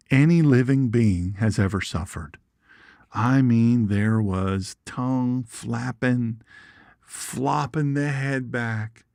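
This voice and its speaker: Male Bible teacher and host; folksy, lively storyteller, mid pitch, dry close recording. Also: creaky, dry recording.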